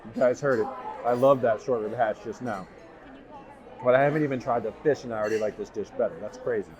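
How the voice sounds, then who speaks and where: Over dull audio, a man with a medium-pitched, slightly mellow voice speaks at a quick pace, reviewing food to camera in a restaurant. He raves enthusiastically about every bite, with the busy crowd chattering behind.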